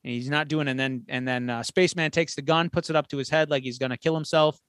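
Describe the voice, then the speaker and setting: A man with a slightly raised pitch retells a war movie scene by scene in a loose, chatty way. He keeps dropping into the characters' lines as he goes. The sound is dry and close to the mic. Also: fast talker, clean tone, no echo. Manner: animated storyteller acting out quotes with swearing. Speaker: podcast co-host. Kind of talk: casual retelling of a film plot.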